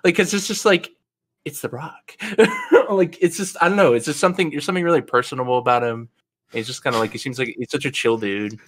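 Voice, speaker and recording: A man's voice: mid-range voice, brisk, slight background noise. Rambling young man with lots of fillers. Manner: rambling, filler-heavy, giggly. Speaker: podcast co-host. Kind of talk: casual chat.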